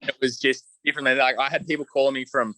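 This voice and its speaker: A man's voice: medium pitch, flat delivery, fast talker, sharp tone, dry recording. A man with an Australian accent, a podcast guest telling stories in a laid-back, joking way with lots of casual fillers. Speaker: podcast guest, truck driver. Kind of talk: casual storytelling chat.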